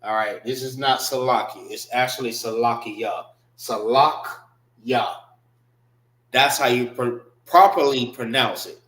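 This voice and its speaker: A man teaching a class in a casual way. He repeats and spells out words slowly and uses slang. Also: mid-range voice, steady tone, fairly bright tone, echoey room, poor audio. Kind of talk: classroom language lesson.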